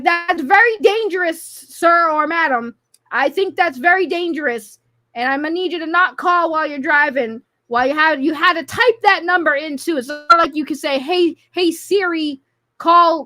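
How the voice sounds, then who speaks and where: A woman hosting a casual live call-in stream, talking loudly and sassily, swearing, and rambling into her desk microphone. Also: extremely high pitch. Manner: loud, sassy and profane, with rambling rants. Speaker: live call-in show host.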